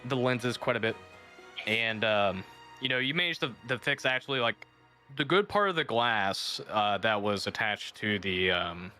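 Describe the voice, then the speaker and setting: Man, game master, bright tone, rambling, fillers, soft music behind. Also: fairly low pitch. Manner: rambling, many fillers and restarts. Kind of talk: narrating a tabletop game.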